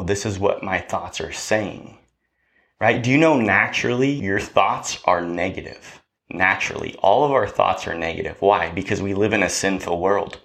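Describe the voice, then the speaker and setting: A man's voice: low-pitched, fairly bright tone. A man hosting a podcast, giving a motivational talk in a preachy way, often checking in with "right?". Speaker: podcast host.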